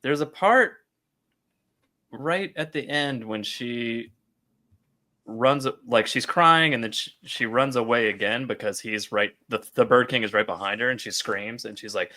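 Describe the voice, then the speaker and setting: A man's voice: medium pitch, unhurried, bright, forceful tone. A man co-hosting a casual podcast about a comic book, talking animatedly, laughing often and acting out quoted lines. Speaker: podcast co-host.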